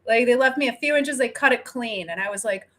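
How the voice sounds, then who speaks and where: A young adult woman co-hosting a casual chat, talking in an animated, chatty way with frequent laughs and swearing. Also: on the high side, brisk. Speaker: co-host.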